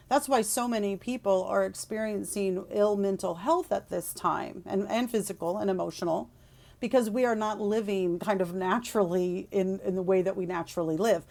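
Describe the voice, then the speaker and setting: A woman, a spiritual teacher delivering a channeled message in a soft, unhurried way, with chatty asides. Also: mid-range voice, creaky. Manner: soft, slow and calming in the meditative passages; laughs often, chatty asides.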